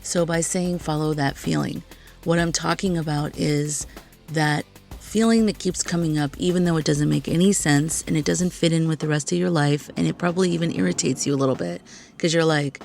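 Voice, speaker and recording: A woman's voice: deep voice, fairly even intonation, brisk, gravelly, darkish tone, soft background music. A woman hosting her own podcast, talking casually and reflectively with lots of "like" and "you know". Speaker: podcast host. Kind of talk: casual solo podcast talk.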